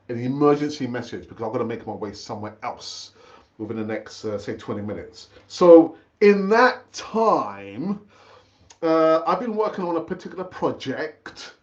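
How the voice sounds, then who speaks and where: A man hosting a live fan stream, loose and chatty, who calls his viewers brother and keeps doubling back on his words. His voice sits fairly high for a man. The stream audio is dull and lo-fi. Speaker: fan channel host.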